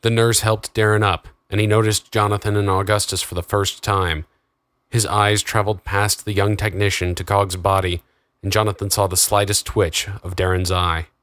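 A man reading a fantasy novel aloud in steady, dramatic narration. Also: fairly low pitch, moderate pace, no echo. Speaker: audiobook narrator. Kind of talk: scripted narration.

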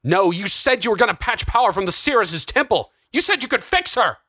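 A frantic young man, pushed far above the reader's own register, shouting and pleading in anguish, as a male narrator puts him on. The voice sounds dry and close to the mic. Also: mid-range voice, expressive, normal speed, no echo, voice pushed up, close to an everyday voice. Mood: desperate. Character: young man, desperate and furious.

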